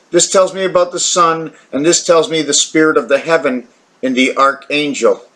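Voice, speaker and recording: A man's voice: fairly high pitch, pushed and bright. A tired man talking to camera in a rambling, wandering monologue, questioning himself and breaking into playful sound effects. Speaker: video maker.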